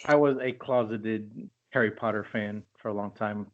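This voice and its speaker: A man's voice: fairly low pitch, steady tone, moderate pace. A man co-hosting a casual chat show, loose and joking, swearing freely. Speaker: podcast co-host. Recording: dull lo-fi audio.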